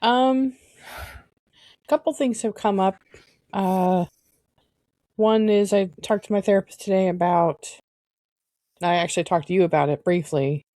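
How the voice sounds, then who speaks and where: A woman co-hosting a podcast, talking candidly and reflectively, pausing often to search for words. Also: mid-range voice, dark tone, no room sound. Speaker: podcast co-host. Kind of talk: candid personal conversation.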